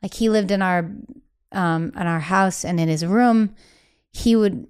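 A woman's voice: mid-range voice, unhurried, darkish tone, smooth. Young woman telling a candid story. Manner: acts out quoted family speech, breathless bursts. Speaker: podcast guest.

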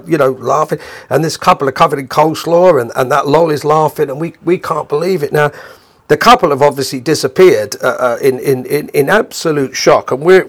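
A middle-aged man hosting a podcast, telling a story in an animated way and acting out the voices of the people in it. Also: a little high. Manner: animated, acts out the quoted voices of people in his stories. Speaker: podcast host. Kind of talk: storytelling monologue.

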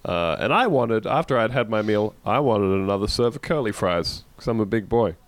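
A man's voice: fairly low pitch, expressive, normal speed. An Australian man co-hosting a casual comedic chat, telling stories with plenty of swearing and jokes. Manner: sweary, jokey storyteller. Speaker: podcast co-host.

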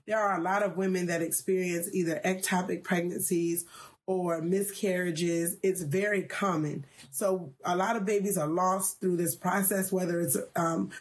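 Woman, thirties, livestream host; earnest, emotional storyteller with a lowish voice and frequent pauses.

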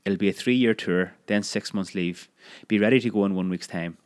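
A man's voice: low-pitched, moderate pace, a little mellow, close to an everyday voice. A man reading the part of a formal, authoritative older male company director.

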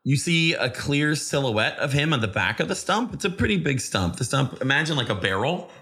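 A man's voice: medium pitch, very animated, a little fast, pushed and bright. A young man running a tabletop game as game master, describing scenes in loose, rambling sentences full of restarts. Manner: rambling, many restarts and fillers.

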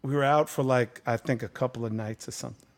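A man's voice: mid-range voice, quick pace. A man, a guest on a conversational show, telling a story casually and with animation. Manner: animated, laughing, lively storyteller.

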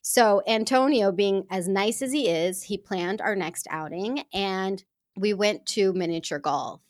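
A woman at a middle pitch tells a personal story to her listeners. Her delivery is earnest and heartfelt, with expressive rises and drops. The voice sounds dry and close, with no room around it. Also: a little slow, no echo. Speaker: speaker addressing women listeners.

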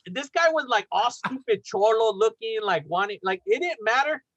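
Young male podcast host, higher voice, animated casual storyteller who swears a lot. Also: normal speed, no room sound, dull audio. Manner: animated, swearing, acts out quotes.

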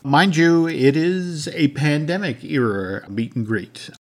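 A man's voice: on the high side, slow. A man co-hosting a podcast, talking casually and reading news and sponsor copy. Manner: conversational, many restarts, reads sponsor copy. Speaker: podcast co-host.

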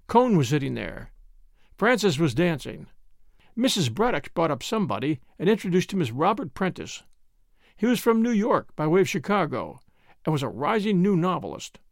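Man reading a novel aloud, gravelly voice, lots of pitch movement, dry close sound. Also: no room sound. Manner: wry, understated storytelling. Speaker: audiobook narrator. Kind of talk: first-person literary narration.

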